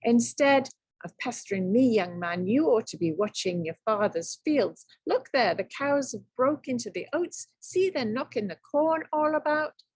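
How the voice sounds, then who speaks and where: A woman voicing a sly, tiny old male leprechaun shoemaker in a read-aloud storybook, sharp and whining. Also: on the high side, animated, a little slow, husky, no room sound.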